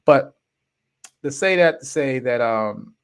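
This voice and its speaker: A man in his fifties, a podcast host, telling a personal story in an animated, emphatic way with casual slang. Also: medium pitch, slow, smooth.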